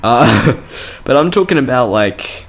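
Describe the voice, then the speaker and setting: A man's voice: mid-range voice, animated, takes it slowly, background noise. A young man co-hosting a podcast, talking casually with lots of fillers and frequent laughter. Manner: rambling, laughs often, many fillers. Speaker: podcast co-host. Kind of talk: casual chat.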